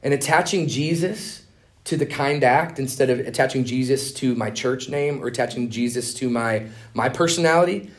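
A middle-aged man teaching a conference class on evangelism, talking fast and animated, full of "man" and "dude.". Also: mid-range voice. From Minnesota. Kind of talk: casual conference teaching with stories.

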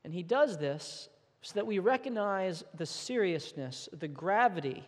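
High-voiced earnest male preacher in reverberant hall. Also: lively intonation, measured pace. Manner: earnest, emphatic, with some repeated words. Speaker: pastor. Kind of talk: sermon.

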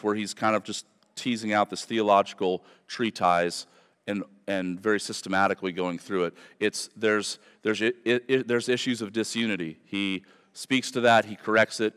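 A man's voice: on the low side, normal speed, a bit bright, clean tone. Earnest preaching man in an echoing hall. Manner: earnest, emphatic preaching with repeated phrases. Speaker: pastor. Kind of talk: sermon. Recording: long hall reverb.

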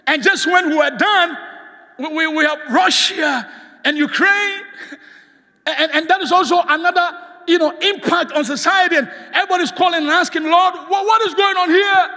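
A man preaching a sermon as guest speaker, passionately shouting calls for the congregation to respond, recorded in a church sanctuary. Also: extremely high pitch, long reverb tail.

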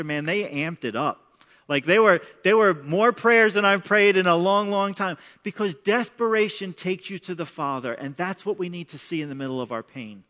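A man's voice: high voice, bright, forceful tone. A middle-aged man preaching a sermon as pastor, speaking in an emphatic, conversational way and often repeating words as he starts sentences. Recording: long reverb of a large hall.

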